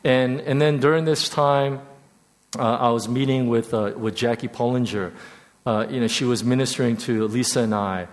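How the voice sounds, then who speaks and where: Man, halting personal testimony, drops soft and low when moved, mid-pitched voice, reverberant hall. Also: steady tone. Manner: halting, repeats words and restarts often. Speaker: speaker sharing a personal testimony.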